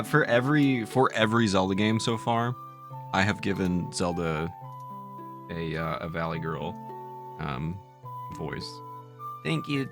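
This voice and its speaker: A man giving jokey, casual live-stream commentary, laughing at his own bits. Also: low-pitched. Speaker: game streamer.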